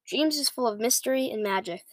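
A woman reading aloud and voicing a big, gentle male giant who talks in mangled, folksy grammar. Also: a little high, brisk, no room sound, lightly acted. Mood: explaining. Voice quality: ungrammatical folksy speech.

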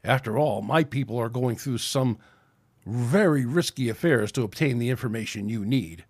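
A man's voice: mid-range voice, moderate pace, darkish tone, slightly rough, no echo, clean studio sound, lightly acted. A man reading aloud and voicing a very old, scheming male alien council spokesman who talks persuasively. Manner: hissing, persuasive.

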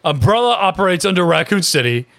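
A man's voice: sits high, sing-song, fast, gravelly, a bit bright. Exasperated young man telling a story. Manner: exasperated, storytelling, joking insults. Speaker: podcast co-host. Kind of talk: casual chat.

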